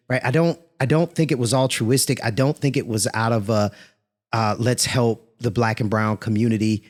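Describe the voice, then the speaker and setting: A man's voice: mid-range voice, normal speed. Man co-hosting a casual talk show. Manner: laughs easily, joking asides. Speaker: podcast co-host. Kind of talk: casual chat.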